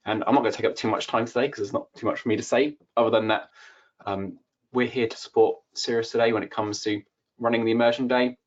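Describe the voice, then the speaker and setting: A man giving a polite, relaxed introduction as a guest solutions architect on a webinar. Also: medium pitch, fast. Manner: polite, relaxed, some uhs. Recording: dull lo-fi online call audio.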